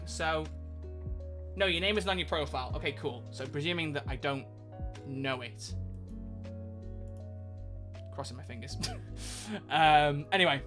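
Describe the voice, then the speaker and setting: A man's voice: on the high side, sharp tone. A young man streaming live, chatting casually and rambling as he answers questions from chat.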